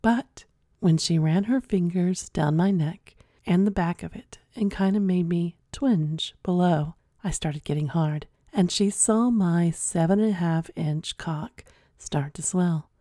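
A woman with a low, mellow voice hosts a show and reads a listener's story aloud. Her delivery is frank and direct, and at times she drops into an unvoiced whisper. The recording is dry, with no room sound. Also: unhurried, no echo. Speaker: podcast host reading listener stories. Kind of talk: reading a submitted story aloud, then casual comment.

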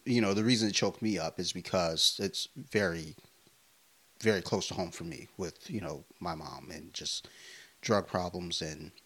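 A man in his thirties co-hosting a podcast, telling stories in a casual, profane, animated way. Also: deep voice. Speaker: podcast co-host. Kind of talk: casual chat.

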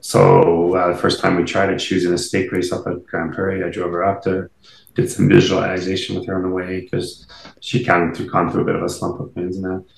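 A man's voice: deep voice, monotone, fairly quick, creaky, roomy sound, rough recording. A man, a medium and interview guest, telling stories casually in a rambling way with many fillers and restarts. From Canada. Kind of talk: casual storytelling.

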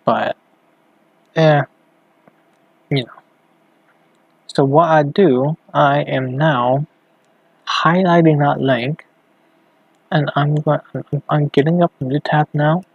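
A man's voice: fairly high pitch, steady tone, slightly rough, no echo, dull audio. Rambling man hosting a late-night podcast. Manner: rambling and halting, thinking aloud while browsing. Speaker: podcast host. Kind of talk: casual late-night solo podcast talk.

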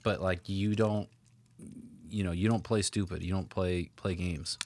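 A man's voice: low-pitched, steady tone, a little slow, a little mellow. A laid-back young man chatting as a podcast co-host, who laughs often and trails off mid-thought. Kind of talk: casual chat.

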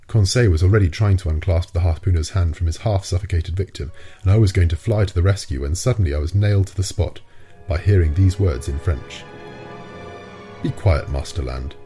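A man reading a classic adventure novel aloud as an audiobook narrator, in a measured, deliberate way. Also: low voice, warm tone, soft background music. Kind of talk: scripted narration.

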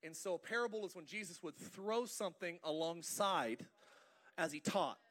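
High-pitched male preacher, playful and talkative, works the congregation from the pulpit. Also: moderate pace, fairly bright tone. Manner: playful, asks the congregation to respond. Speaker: pastor. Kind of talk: lively sermon with jokes. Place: church.

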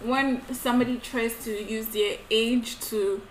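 Higher-voiced young woman, echoey room. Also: measured pace. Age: 20s. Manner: expressive, laughs easily, uses examples. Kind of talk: casual chat. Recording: echoey room with faint noise.

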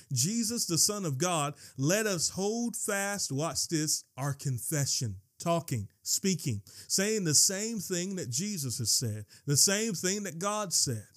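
High-voiced excitable male preacher. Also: slow pace, hardly any pauses. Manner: excitable preaching, swinging from quiet reading to yelling; repeats and restarts words when worked up. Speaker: pastor. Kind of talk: sermon.

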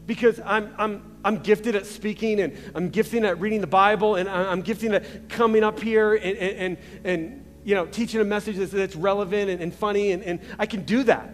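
A man's voice: high voice, fairly even intonation, normal speed, few pauses. A young male pastor preaching a casual, conversational sermon, full of restarts and asides, in a large church. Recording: reverberant church hall with faint music.

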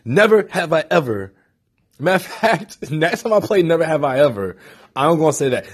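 A young man with a slightly husky voice rambles excitedly to his camera. He often leaps up in pitch to hammer home a point, then drops back to relaxed chatter. He is still getting over a headache. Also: normal speed, pauses often. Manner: excitable, emphatic, swings to high animated peaks. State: recovering from a headache. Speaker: vlogger. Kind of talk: casual vlog monologue.

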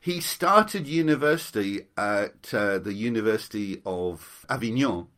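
A man's voice: lowish voice, animated, unhurried, a bit bright. A middle-aged man hosting a podcast interview, chatting casually and joking like a quizmaster. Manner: jokey, self-deprecating quizmaster. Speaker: podcast host.

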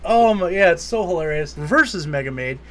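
A podcast co-host, a man with a fairly high voice, recaps a movie in casual chat, talking a little fast. He retells it with animation and quotes lines in put-on voices.

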